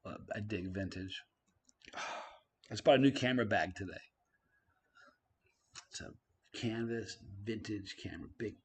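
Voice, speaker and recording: A man hosting a casual live stream, reading viewer comments aloud, his voice swinging from loud to quiet. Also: lowish voice, unhurried, long pauses, breathy edge. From Canada.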